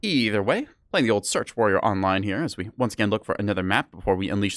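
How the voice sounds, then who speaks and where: A man's voice: lowish voice, lively intonation, quick pace, hardly any pauses, a bit bright, no room sound, clean studio sound. A man streaming a game live, chatting casually and playfully with his chat in a rambling, self-mocking way. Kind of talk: casual live gameplay commentary.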